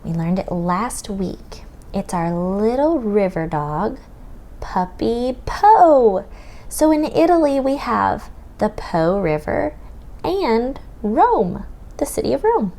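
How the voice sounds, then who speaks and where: An American woman tutoring children through a map lesson, in a slow sing-song manner that sometimes drops to a whisper. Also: mid-range voice, sing-song, warm tone. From United States. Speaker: homeschool tutor teaching children.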